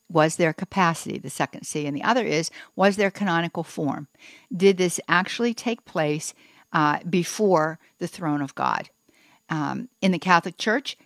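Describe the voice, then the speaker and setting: A woman radio host speaks from her study, working through church teaching with many pauses and restarts. Her voice is lower than most, and the recording is close and dry. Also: creaky, no room sound. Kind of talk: Catholic call-in radio. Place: home study.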